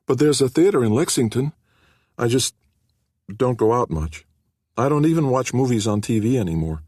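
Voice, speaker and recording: A husky-voiced man voicing a shy, frail young woman who speaks softly and with wonder. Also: medium pitch, lively intonation, moderate pace, no room sound, clean studio sound, voice pushed up, natural voice.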